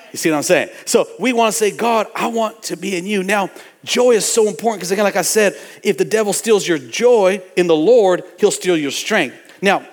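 A man with a high voice preaches a sermon, pressing his points through repetition and calling out to the congregation. His words ring with a long reverb from the church sanctuary around him. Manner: emphatic preaching with repetition and audience call-outs. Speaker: pastor.

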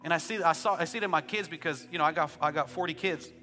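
High, bright-voiced preaching pastor. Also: male voice, fast, in a large hall, faint music behind. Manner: preaching, rising to shouted praise; joking asides, conversational storytelling. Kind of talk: sermon.

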